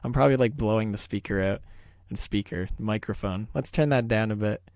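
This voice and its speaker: A man's voice: fairly low pitch, brisk, darkish tone, dry recording. A young man rambling casually and swearing as he unboxes and sets up a microphone at home. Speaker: video creator. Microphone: desk microphone being set up.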